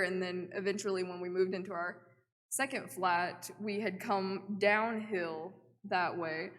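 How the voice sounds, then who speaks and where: A woman's voice: medium pitch, fairly bright tone. A young woman, telling a missionary story to a church and acting out her own quotes with lots of "like.". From Oklahoma. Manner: chatty, acts out her own quotes, many "like" fillers. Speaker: missionary giving a report. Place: church sanctuary. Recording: reverberant church hall.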